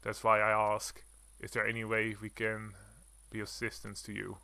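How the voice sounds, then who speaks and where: A man reading game dialogue aloud as a formal, courteous noble mouse creature who squeaks between stiff, old-fashioned lines. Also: completely flat delivery, normal speed, vocal fry, pushed and bright, dry recording. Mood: remorseful.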